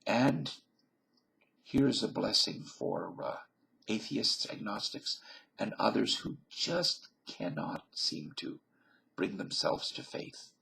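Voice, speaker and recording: Gravelly man with a Southern drawl. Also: on the low side, slow, bright, forceful tone. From Canada. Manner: folksy, self-mocking, meandering. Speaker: vlogger. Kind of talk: rambling casual monologue.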